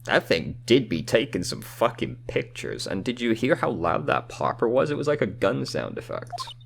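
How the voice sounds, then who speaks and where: A man's voice: low voice, sing-song, normal speed, gravelly, hardly any pauses, music in the background. A man casually joking and swearing as he plays through a game and reads its text aloud. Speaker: let's play host. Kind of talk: casual gameplay commentary.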